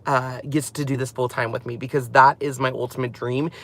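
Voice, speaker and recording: A man's voice: medium pitch, little pitch movement, a little fast, a bit bright. A man in his thirties hosting a casual live stream about his craft channel, chatty and rambling, often laughing as he talks.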